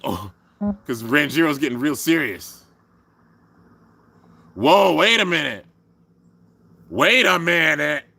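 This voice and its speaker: A young man hosting a live reaction, commenting excitedly and often breaking into loud exclamations. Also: fairly high pitch. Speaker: channel host reacting to an anime episode. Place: home room with a fan, traffic outside.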